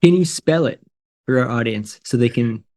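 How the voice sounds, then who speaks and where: A man's voice: mid-range voice, animated, normal speed, a little mellow. A man from the United States hosting an English-learning interview, speaking in an encouraging way and modeling pronunciation. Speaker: interview host, English teacher. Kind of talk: casual interview.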